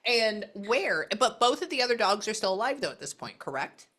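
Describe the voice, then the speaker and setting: A woman's voice: mid-range voice, very animated, a little fast, a crowd in the background. A woman working as a psychic medium, chatting bluntly through a casual reading session indoors. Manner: chatty, blunt, quotes the spirit back and forth.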